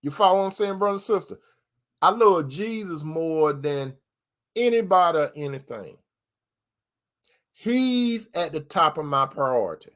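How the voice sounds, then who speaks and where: High-voiced man preaching, emphatic and repetitive. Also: expressive, measured pace, pauses often, a bit bright. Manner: repetitive, emphatic, addresses listeners as brother and sister. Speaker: host giving relationship advice from a Christian view. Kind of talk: preaching-style talk to viewers.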